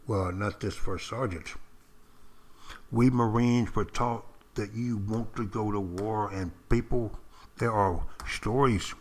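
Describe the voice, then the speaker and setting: An older man, a former Marine, telling stories in a folksy way with dramatic pauses, speaking directly to his listeners. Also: fairly low pitch. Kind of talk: spoken storytelling to listeners.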